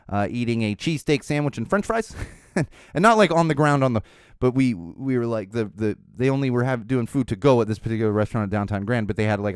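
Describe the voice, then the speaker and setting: Male podcast host, casual rambling storyteller, smooth clear tone, dead-dry recording. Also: lowish voice, a little mellow, no echo. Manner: rambling, with many fillers and restarts.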